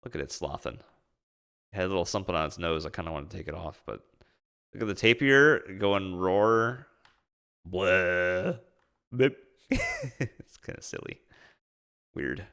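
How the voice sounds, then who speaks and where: A man's voice: sits low, lively intonation, normal speed, vocal fry, pauses often, bright, forceful tone, clean tone. A man giving casual, playful commentary over his trip photos and clips, amused and chatty, drawing out silly asides. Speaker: vlogger recapping a trip. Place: indoors at home streaming.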